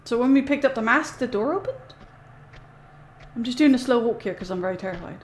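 A woman's voice: on the high side, animated, fairly quick, slight background noise. Chatty, easily spooked woman streamer. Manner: chatty, jumpy, easily scared, laughs often. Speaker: gaming streamer. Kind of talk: casual let's play commentary.

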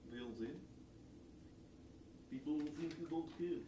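A man's voice: on the high side, a little slow. A man acting a mock-stern parent, giving orders. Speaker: actor in a scene. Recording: noisy roomy audio from far off.

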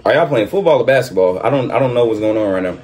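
Animated man reacting to a game. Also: on the low side, racing. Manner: animated, excitable, repeats phrases, slangy. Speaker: reaction streamer. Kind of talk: live reaction commentary on a basketball game.

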